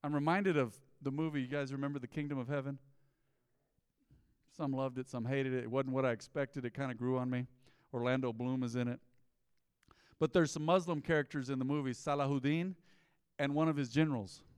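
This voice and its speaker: A man's voice: medium pitch, steady tone, a little fast, pauses often, darkish tone, clear, resonant tone. A middle-aged man pastor preaching a sermon in a church sanctuary, emphatic, with bursts of rising energy and acted asides. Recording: live church sermon with long hall reverb.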